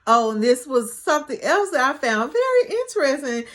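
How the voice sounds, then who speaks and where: A woman's voice: high-pitched, very animated, brisk, a bit bright. A woman recapping a reality show episode in a casual, chatty way, with lots of fillers and playful asides.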